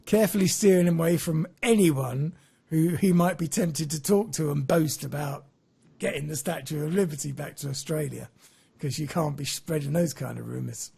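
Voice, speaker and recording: A man with a slightly husky, somewhat high voice tells a story on a podcast. He is casual and chatty, and he often chuckles at his own jokes. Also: normal speed, mellow.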